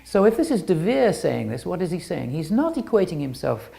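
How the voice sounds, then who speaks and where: Woman presenter, very gravelly, lively rising and falling delivery, rambling and restarting sentences, illustrated talk. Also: on the low side, fairly quick.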